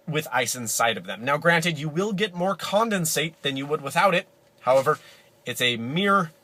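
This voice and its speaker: A man's voice: medium pitch, pushed and bright. A man talking to the camera in a casual, rambling monologue, exaggerating and interrupting himself as he jokes. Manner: rambling, hyperbolic, self-interrupting, jokey. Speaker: vlogger.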